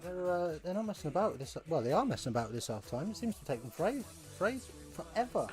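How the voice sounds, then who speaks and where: A man's voice: high-pitched, sing-song, fast talker, darkish tone, soft background music. A man hosting a live rugby watch-along from home, chatting casually with rambling, wry asides.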